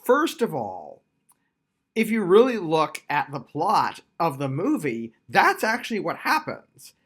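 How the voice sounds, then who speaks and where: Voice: medium pitch, wildly swooping pitch, a little slow, a bit bright, breathy edge. A tabletop game reviewer giving a casual video review, chatty and explanatory with frequent fillers.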